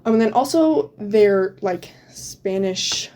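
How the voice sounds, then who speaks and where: A teen girl back from an exchange year talks about it as an interview guest, taking it slowly in an expressive, mid-range voice. She's chatty and laughs often, with many "um" and "like" fillers, and there's background noise.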